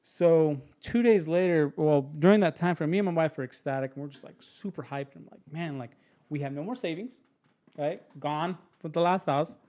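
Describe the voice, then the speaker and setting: A young man, a podcast guest, telling a story in casual chat, animated and acting out the voices of others with quick restarts. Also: on the high side.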